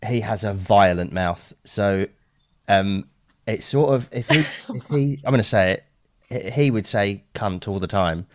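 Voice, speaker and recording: A man's voice: fairly low pitch, measured pace, dry recording. A man chatting casually on a call, laid-back and matter-of-fact with some swearing. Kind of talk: casual chat.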